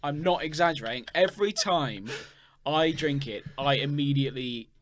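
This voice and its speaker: A man's voice: on the high side, moderate pace, a bit bright, a little hiss or hum. A man co-hosting a podcast, chatting casually, joking and swearing freely as he tells a story. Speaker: podcast co-host. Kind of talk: casual chat.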